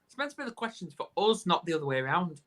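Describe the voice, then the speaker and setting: A man's voice: high voice, big pitch swings, very fast, fairly bright tone. A man with a Northern English accent hosting a casual live video chat, joking and rambling in a self-deprecating way. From England. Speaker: host. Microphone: video call.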